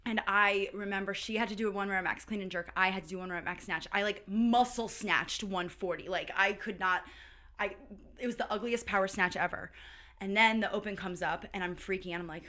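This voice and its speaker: As a guest on a podcast, a thirties-aged woman tells stories in relaxed interview chat, leaning heavily on "like." She speaks fairly quickly at a medium pitch, with fairly even intonation and a sharp tone.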